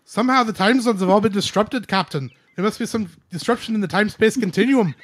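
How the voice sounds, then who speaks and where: Fretful Scottish starship engineer, put on by a man mid-podcast; raised, louder, insistent. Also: high voice, fast, pitched above the performer's own voice. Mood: urgent protest.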